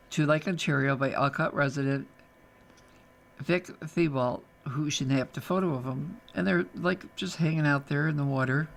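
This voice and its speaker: Reading newspaper pieces on air for a radio reading service, a volunteer with a rather high voice and some vocal fry keeps things chatty, dropping casual asides between lines.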